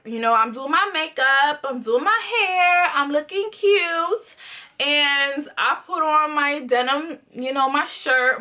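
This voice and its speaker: A young woman tells a story straight to her viewers in a loose, slangy, conversational way. Her voice sits high and sounds bright and sharp. She keeps it animated and jumps into the voices of the people in her story. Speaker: vlogger. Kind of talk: casual storytime.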